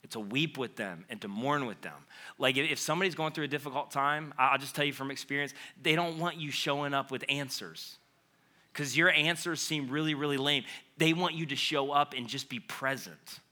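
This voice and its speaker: A man preaching a sermon to his church, speaking in a conversational, impassioned way with quick asides. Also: medium pitch, sharp tone. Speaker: pastor.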